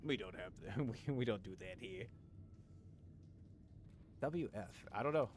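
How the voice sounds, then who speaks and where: This livestreamer's voice is on the low side, with lively intonation and a slightly slow pace, over background noise. He rambles and jokes casually with viewers, addressing chat with plenty of fillers, restarts and casual swearing.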